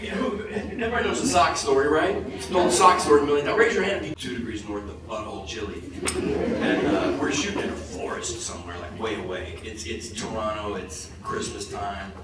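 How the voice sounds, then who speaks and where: A man in his forties telling profane comic stories as a convention panel guest, animated and laughing through his anecdotes. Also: on the low side, fairly quick. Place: large convention hall. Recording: echoey hall recorded from far off with crowd noise.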